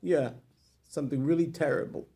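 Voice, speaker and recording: A man's voice: fairly high pitch, lively intonation, normal speed, close to an everyday voice. A man voicing a grief-stricken man who has lost his whole fortune, talking in a distraught, pleading way. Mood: sad.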